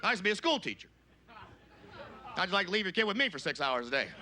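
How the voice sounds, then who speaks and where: Male stand-up comic, brash and loud, fairly high voice, noisy live club recording. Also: very animated, quick pace, a crowd in the background. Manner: brash, shouts high-pitched voices for punchlines. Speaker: stand-up comedian. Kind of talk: stand-up comedy set. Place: comedy club stage before a live audience.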